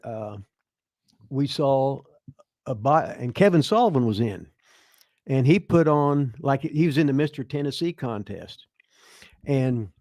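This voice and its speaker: A man's voice: medium pitch, a little mellow, dry recording, studio quality. An older man, the show's host, telling rambling, profane stories in a casual chat and laughing as he goes. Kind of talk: casual storytelling.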